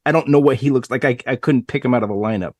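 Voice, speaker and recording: Animated man telling a story. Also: medium pitch, rapid-fire, no echo, clean studio sound. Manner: animated storyteller, acts out quotes. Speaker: podcast host. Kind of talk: casual storytelling.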